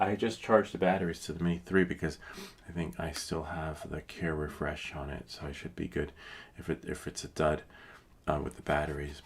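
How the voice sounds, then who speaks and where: Low, gravelly man rambling on a stream. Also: a bit bright. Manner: rambling, trails off and restarts, many ums. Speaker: channel host answering viewer questions. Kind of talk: casual livestream chat.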